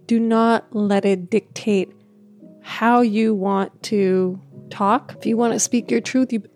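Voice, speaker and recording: Woman who stutters, candid and reflective, mellow tone over faint music. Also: mid-range voice, fairly even intonation, takes it slowly. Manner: stutters, with repeated words and restarts; laughs often, speaks in a gentle, reflective way. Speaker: speaker sharing a personal story. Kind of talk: reflective personal talk.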